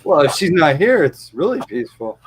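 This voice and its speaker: A man's voice: on the high side, sing-song, a little fast, slight background noise. A man hosting a live show, telling rambling everyday stories and swearing freely in casual chat.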